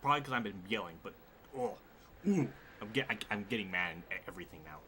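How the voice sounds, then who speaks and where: A man's voice: on the low side, quick pace. A man streaming a racing game at his desk at home, giving live commentary full of exasperated, swearing outbursts. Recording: steady background noise.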